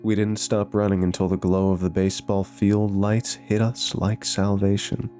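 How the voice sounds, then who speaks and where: A man narrating a scripted horror story with a measured, suspenseful delivery. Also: on the low side, level tone, mellow.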